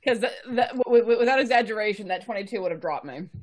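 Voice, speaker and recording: A woman's voice: mid-range voice, lively intonation, quick pace, crowd noise. A woman playing a tabletop game, polite and cheerful, stammering a little. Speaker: player. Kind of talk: casual tabletop play.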